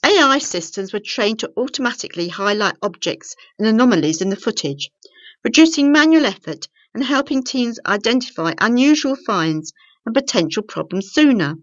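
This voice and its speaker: Lively woman reading local news. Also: on the high side, no room sound. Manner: clear, measured reading with lively intonation. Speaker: news reader and editor. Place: small local studio. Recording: dry, slightly dull studio recording.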